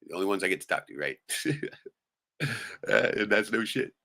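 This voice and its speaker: Middle-aged male streamer, low and punchy, profane rambling rant with a constant "right?". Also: expressive, moderate pace, gravelly, pushed and bright. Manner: profane and rambling, tags nearly every point with "right?". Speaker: live streamer. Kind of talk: late-night venting rant on a live stream. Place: his home, late at night.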